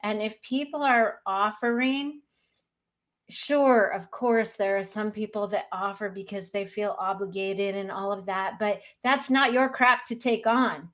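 A woman's voice: medium pitch, steady tone, a little slow, a bit bright. Earnest woman talking about grief. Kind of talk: casual conversation about grief.

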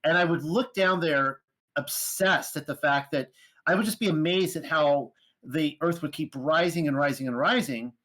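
A man hosting an interview podcast, telling stories in a rambling, animated way with lots of fillers. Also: on the high side, moderate pace. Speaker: podcast host. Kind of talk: casual conversational interview.

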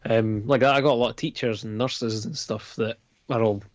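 A man's voice: medium pitch, fairly even intonation, moderate pace, no room sound. A man with a Scottish accent, co-hosting a podcast in casual chat, laughing often and repeating words as he gets going. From Scotland. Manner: laughs a lot, repeats words when starting. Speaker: podcast co-host.

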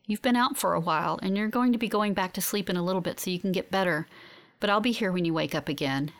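A woman voicing a grieving older sister who speaks tearfully while trying to sound calm. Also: on the low side, fast talker, natural voice. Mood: tearful, tender.

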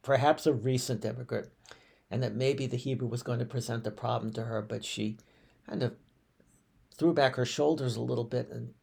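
A man, a rabbi, recalls personal stories for a podcast. His mid-pitched voice has a gravelly edge. He speaks reflectively and often restarts his sentences. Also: steady tone, darkish tone. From United States. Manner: reflective, unhurried, with frequent restarts and fillers.

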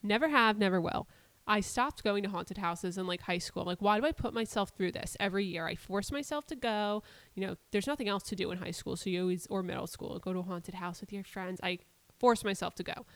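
A woman's voice: medium pitch, fast, no echo. Twenties woman chatting, blunt and swears a lot, dead dry sound. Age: 20s. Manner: blunt, animated storytelling with swearing. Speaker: podcast co-host. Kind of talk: casual chat.

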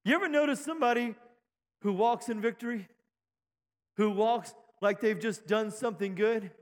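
High-voiced preacher in a reverberant hall. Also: male voice, normal speed. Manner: rousing preaching, calls of amen, shouting at peaks, jokes with congregation. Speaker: pastor. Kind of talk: sermon. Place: church sanctuary. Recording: long reverb of a church hall.

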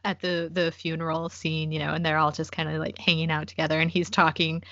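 A woman in casual movie talk, playful and quick to laugh, asking questions about the story. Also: low voice, level tone, a bit bright, no room sound. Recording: dry, dull lo-fi sound.

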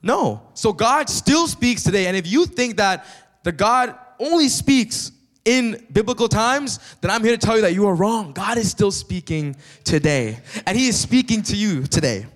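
A man preaching a sermon in church with lively energy, often turning to the congregation with questions. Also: high voice, normal speed. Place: church sanctuary. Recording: long reverb of a church hall.

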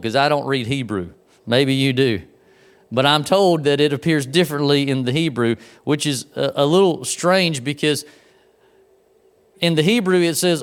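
A man's voice: a little high, clear, resonant tone. A man preaching a sermon in a conversational way, talking straight to the congregation and making asides to them. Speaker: pastor.

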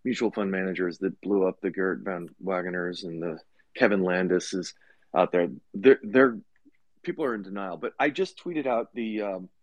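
Sex: man. Role: market commentator guest. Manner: animated, pitch jumps on emphasis, hesitant fillers. Sound: dry and close. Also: no room sound. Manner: animated, voice jumps up when making a point, many "uh"s. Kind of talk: casual panel discussion.

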